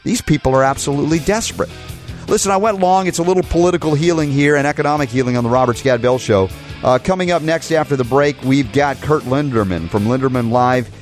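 A man's voice: mid-range voice, fast talker, faint music behind. A man hosting a talk radio show, delivering an impassioned monologue full of rhetorical questions, into a studio mic.

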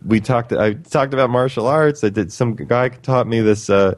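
A man's voice: mid-range voice, normal speed. A man telling stories in a rambling, enthusiastic way on a casual talk show. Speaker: talk show guest and lecturer. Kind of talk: casual chat.

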